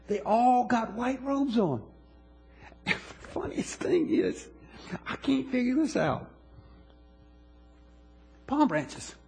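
Male pastor, high and very husky voice, talks through his sermon casually and quizzes the congregation, faint music behind. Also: darkish tone. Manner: conversational, asks the congregation questions, halting restarts.

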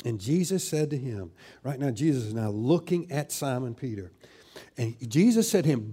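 A middle-aged man preaches a sermon as a pastor. His voice sits a little high for a man. He slows down and lifts his pitch and volume when he drives a scripture point home. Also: expressive, warm tone, breathy edge.

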